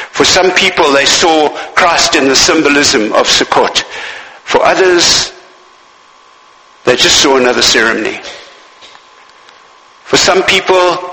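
Bright-voiced male preacher in echoey church. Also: on the high side. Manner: repeats key phrases, asks the listeners rhetorical questions. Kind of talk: sermon.

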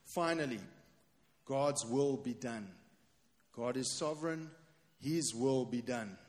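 A man's voice: medium pitch, slow. A man preaching a sermon as pastor, emphatic and repeating his key refrain. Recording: long hall reverb.

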